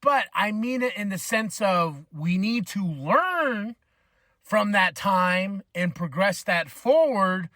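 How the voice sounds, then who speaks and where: A man's voice: high-pitched, animated, takes it slowly, sharp tone, dry recording, studio quality. A man in his thirties hosting a podcast, ranting casually and swearing, acting out quoted voices. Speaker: podcast host. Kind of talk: casual rant.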